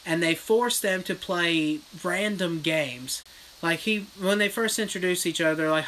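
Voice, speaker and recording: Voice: medium pitch, measured pace, slight background noise, rough recording. A horror vlogger in a casual livestream rant, retelling a film bluntly with lots of swearing. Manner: blunt, profane, animated storytelling. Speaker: horror vlogger reading live chat.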